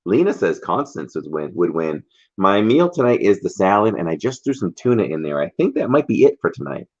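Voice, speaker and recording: A man with a deep, low voice hosts a casual livestream. He reads viewer comments aloud and greets people by name. The stream audio sounds dull and lo-fi. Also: very animated, a little fast, darkish tone, breathy edge. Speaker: livestream host.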